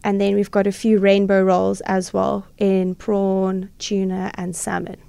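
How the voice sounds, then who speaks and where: Informal, hesitant woman restaurant guest, gravelly but smooth, dry studio sound. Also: mid-range voice, monotone, a little slow, mellow, no room sound. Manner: hesitant, many fillers, informal. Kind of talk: radio interview, describing dishes. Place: radio studio.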